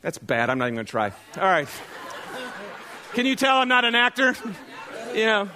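With a high, pushed, bright voice that swings widely in pitch at normal speed, the middle-aged pastor preaches over some background chatter. He keeps it conversational, poking fun at himself and questioning the congregation.

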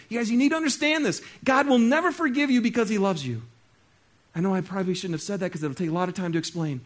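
A male pastor with a notably high voice delivers a conversational sermon. He talks straight to his listeners, one moment loud and exclaiming, the next soft and hushed. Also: animated, fast talker.

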